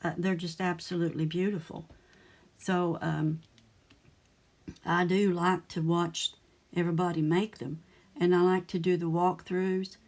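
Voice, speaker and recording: An older woman hosts a crafting livestream from her home craft room, talking in an easy, unhurried chat. She greets viewers by name as she works and keeps up a friendly running commentary on her scrapbook page. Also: lowish voice, flat delivery, darkish tone. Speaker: scrapbooking channel host.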